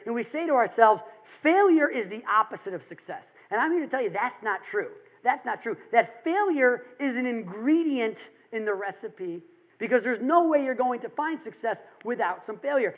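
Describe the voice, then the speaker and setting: High-voiced man giving a motivational seminar. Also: lo-fi sound. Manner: animated storytelling, acts out quotes. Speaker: seminar speaker.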